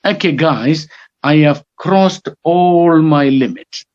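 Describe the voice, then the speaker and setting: A middle-aged man with a Kerala English accent, giving a lecture on English usage. He is emphatic and repeats words slowly to show their stress. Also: on the high side, darkish tone. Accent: Indian English, Kerala. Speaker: guest speaker. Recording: dull lo-fi recording.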